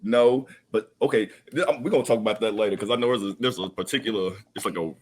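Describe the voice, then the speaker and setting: A young man with a Southern US accent hosting a podcast, joking loudly in slangy casual chat. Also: lowish voice, fast talker, slight background noise. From American South. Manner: loud, joking, slangy storytelling. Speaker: podcast host.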